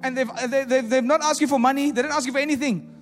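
Faint music runs under a high-voiced man preaching a sermon in a spacious, echoey hall. He moves at a quick pace with lively energy, voicing skeptics' objections and shifting from booming statements to soft asides.

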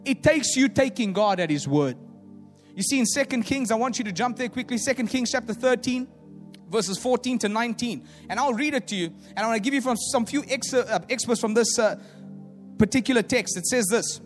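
Booming through a big, echoing hall with faint music beneath him, a high-pitched male preacher delivers his sermon fairly quickly. He's animated throughout, acting out doubters' voices and alternating between loud declarations and hushed asides.

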